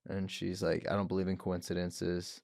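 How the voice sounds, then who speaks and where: A man's voice: low-pitched, level tone, moderate pace, creaky, darkish tone, dry recording, clean studio sound. A young man telling his story as a podcast guest, earnest, with restarts and quoted words. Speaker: guest, professional fighter. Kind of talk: emotional personal testimony. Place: podcast studio.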